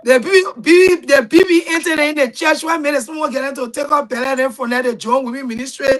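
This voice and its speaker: A middle-aged woman with a Liberian accent and a high voice tells her stories in a casual, lively way. She bursts into loud quoted voices as she goes. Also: fast talker, rough recording. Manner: animated storyteller, shouts quoted voices. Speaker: guest. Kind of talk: casual storytelling.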